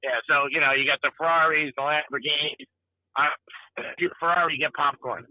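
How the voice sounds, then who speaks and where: A man's voice: fairly high pitch, steady tone, phone-quality sound. A man hosting sports radio, telling wisecracking stories and quoting the people in them in casual banter. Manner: storytelling, wisecracking, quick to quote people.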